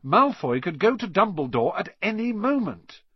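A man raising his voice into an eager young schoolboy, urgent and quick to push his ideas, high and lively. The sound is dry and a bit dull. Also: breathy edge, no echo, full character voice. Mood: urging. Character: eager, quick-thinking eleven-year-old boy.

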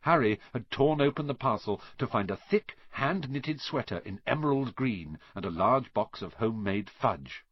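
A man narrating an audiobook in an expressive storytelling manner. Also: mid-range voice, normal speed, hardly any pauses. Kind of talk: scripted narration. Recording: dry, slightly dull lo-fi sound.

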